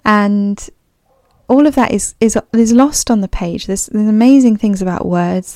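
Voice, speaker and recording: A woman's voice: mid-range voice, gravelly, dark tone, no room sound, clean studio sound. A woman with a clipped, slightly posh English accent, musing thoughtfully on her solo podcast with frequent ums and restarts. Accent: English, clipped and a bit posh. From grew up abroad as a third culture kid. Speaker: podcast host. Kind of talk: reflective solo podcast monologue.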